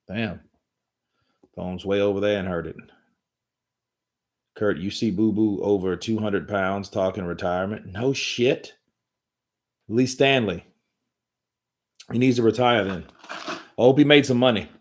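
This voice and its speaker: A man's voice: fairly low pitch, unhurried, long pauses. A man hosting a live boxing commentary stream, talking in a rambling, profane, joking way from home.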